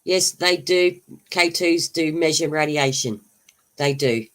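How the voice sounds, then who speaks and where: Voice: mid-range voice, takes it slowly, a bit bright. A livestream host who chats casually, laughs often and answers viewers' comments. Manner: laughs often, chatty and rambling, answers chat.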